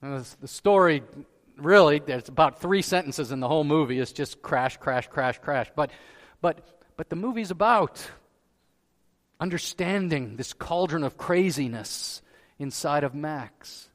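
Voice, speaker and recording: A man preaching a sermon as pastor, asking rhetorical questions and rising to loud emphasis. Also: on the high side, lively intonation, measured pace, big-room sound. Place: church sanctuary.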